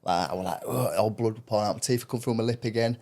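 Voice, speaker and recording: A man's voice: on the low side, steady tone, fast, darkish tone. A man, co-hosting a podcast and telling a laid-back, rambling story in casual chat. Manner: rambling, laid-back storytelling, frequent 'you know what I mean'. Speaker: podcast co-host.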